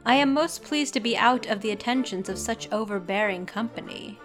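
A woman's voice: fairly high pitch, fairly quick, music in the background, close to an everyday voice. A woman voicing a spirited young Regency lady who speaks in a formal, prim, slightly stubborn way.

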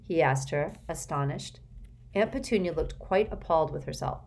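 A woman narrating an audiobook in a measured, even storytelling manner. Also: deep voice, gravelly. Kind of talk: scripted narration.

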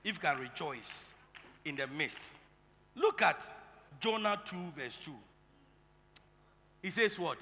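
A male pastor preaching a sermon, leading the congregation in call and response and building up to shouting. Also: on the high side, lively intonation, takes it slowly, pauses often, a little hiss or hum. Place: large church hall. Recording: reverberant hall with music.

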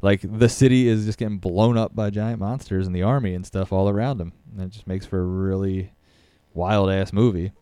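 Guy rambling about movies, lower voice, smooth, dry close mic, says like a lot. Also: fairly even intonation, brisk, dark tone, no room sound. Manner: loose, rambling, lots of "like" and swearing. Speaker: podcast co-host. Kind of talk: casual chat about movies.

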